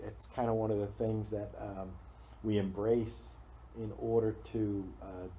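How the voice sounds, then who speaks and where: Male interview guest, ex-cop, mellow lowish voice, halting delivery, faint hiss. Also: level tone, low-quality recording. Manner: hesitant, many fillers and restarts. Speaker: guest, former police officer. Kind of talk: casual interview chat. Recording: faint noise, local TV studio.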